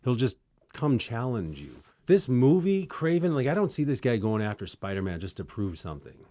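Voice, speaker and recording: A young man hosting a casual movie review, sarcastic and animated, with quick joking asides. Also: medium pitch, dry recording.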